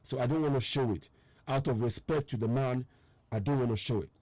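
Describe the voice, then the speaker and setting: Insistent man with a mellow, strained voice. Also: medium pitch, fairly quick, no echo. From Nigeria. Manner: urgent, insistent, repeating his points; reads out viewer names and answers their comments. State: strained, tired voice. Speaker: online broadcast host. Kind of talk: impassioned live-stream address.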